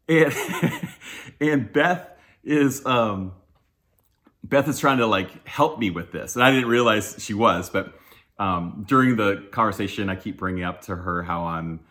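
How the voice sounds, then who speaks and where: Male pastor, 30s, conversational sermon delivery, candid and self-deprecating, fairly low voice. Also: a bit bright. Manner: candid, self-deprecating, laughs often, many um fillers. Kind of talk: casual sermon talk.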